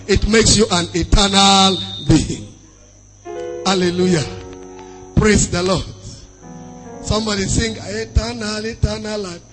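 A middle-aged male preacher with a very high voice. He preaches fervently, shouting some phrases and half-singing scripture quotes. Faint music plays behind him. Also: fairly even intonation, slow, long pauses. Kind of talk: sermon with questions and answers.

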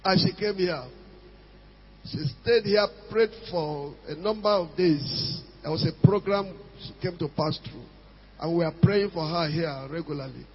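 A high-voiced, husky man preaches in a church hall, driving each point home by repeating it. His voice rings with long reverb, and the recording sounds muffled and lo-fi. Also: a little slow. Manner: emphatic, repeats phrases, pidgin asides. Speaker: pastor. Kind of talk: sermon.

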